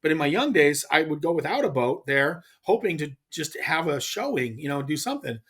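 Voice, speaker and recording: A middle-aged man from California, a podcast guest telling a fishing story in a casual, animated way with frequent restarts. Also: fairly high pitch, fairly quick, husky. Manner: animated, acts out others' lines, frequent restarts. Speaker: podcast guest, pro angler.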